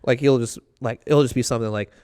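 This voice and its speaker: A man's voice: medium pitch, steady tone, fast talker, a little mellow, smooth. A young adult man, a comedian guest on a podcast, telling rambling stories and acting out other people's voices. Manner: rambling storyteller, acts out voices with lots of fillers. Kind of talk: casual interview chat.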